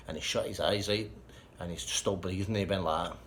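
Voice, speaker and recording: A man telling a rambling, profane anecdote in a casual, lively way. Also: low-pitched, brisk, a little hiss or hum. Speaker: storyteller.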